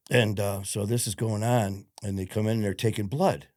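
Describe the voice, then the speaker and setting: A man with a lowish voice tells his story as a podcast guest. He is blunt and swears freely, slipping into the voices of the people he quotes. The recording is close and dry, with no room sound. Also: fairly even intonation, moderate pace, few pauses, a little mellow, no room sound. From Detroit, USA. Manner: blunt, profane, retells events with quoted dialogue. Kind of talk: casual interview storytelling.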